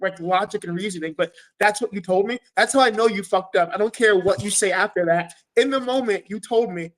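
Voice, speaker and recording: Animated, cursing male fighter telling a story. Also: sits high, fairly quick, poor audio. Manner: animated storytelling, swears often, acts out his own quotes. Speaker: guest fighter. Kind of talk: casual podcast chat.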